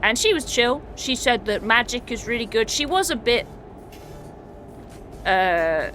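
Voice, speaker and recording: A woman's voice: on the high side, big pitch swings, unhurried, a bit bright, a little hiss or hum. A woman streamer chatting casually, swearing and laughing often as she recaps a tabletop game.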